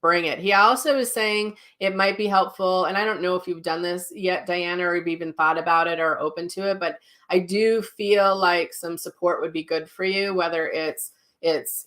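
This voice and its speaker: A woman hosting psychic readings in a gentle, reassuring voice, full of ums and restarts, relaying messages in quoted voices. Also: fairly low pitch. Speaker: psychic medium host. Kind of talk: live-streamed readings.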